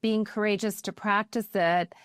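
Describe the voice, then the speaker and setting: Calm, affirming woman co-host. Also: medium pitch, normal speed, clear, resonant tone, no echo, studio quality. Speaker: podcast co-host. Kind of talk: casual chat.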